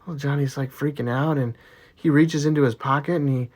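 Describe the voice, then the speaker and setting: A man's voice: on the high side, steady tone, brisk, a little mellow. A man telling jokes, who chuckles at his own punchlines. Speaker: joke teller.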